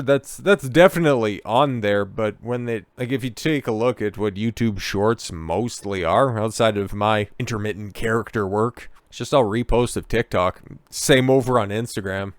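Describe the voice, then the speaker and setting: A man in a low register rants through political commentary, profane and sarcastic throughout. His voice is smooth and clean, recorded dry and close. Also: no room sound. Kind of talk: ranting commentary.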